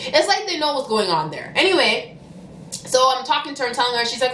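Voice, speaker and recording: A young woman telling a storytime vlog. She talks fast and animatedly, and bursts into loud cussing. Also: high voice, very animated, reverberant, slight background noise. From Canada. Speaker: vlogger.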